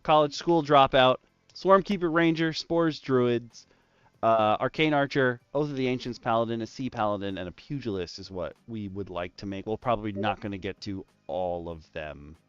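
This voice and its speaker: A man hosting a casual tabletop game roundtable, talking in an animated way and laughing often. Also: mid-range voice, normal speed, clear, resonant tone, dry recording. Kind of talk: casual chat. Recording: slightly dull lo-fi audio, faint music.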